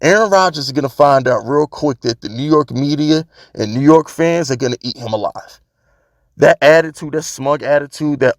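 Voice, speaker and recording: A man's voice: mid-range voice, normal speed, dry recording, clean studio sound. A man vlogging about his football team, talking casually and emphatically, repeating his points to drive them home. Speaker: sports fan vlogger. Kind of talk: casual opinion rant.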